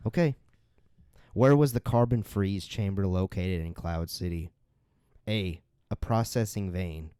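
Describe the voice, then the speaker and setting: A man co-hosting a casual podcast chat, reading out trivia questions slowly and deliberately. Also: low-pitched, warm tone, clean tone, dry recording, clean studio sound. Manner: reads quiz questions in a slow, drawn-out way.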